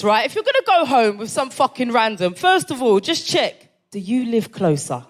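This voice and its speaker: A woman's voice: on the high side, very animated, normal speed, few pauses, background noise. Stand-up comic: brash woman, swears freely, keeps checking "right?" with the room. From London. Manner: brash storytelling, swearing, tags lines with "right?". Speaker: stand-up comedian. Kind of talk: stand-up set at a live comedy club. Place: comedy club stage before a live audience.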